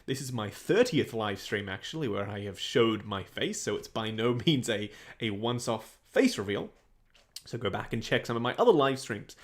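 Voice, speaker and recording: A young Australian man hosting a casual livestream, reading viewer questions aloud and answering them in a chatty way. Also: mid-range voice. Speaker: livestream host answering chat.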